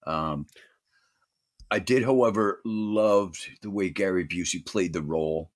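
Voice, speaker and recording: A man co-hosting a movie podcast, talking casually and haltingly with many fillers. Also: deep voice. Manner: rambling, hesitant with many fillers. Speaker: podcast co-host. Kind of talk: casual movie review chat.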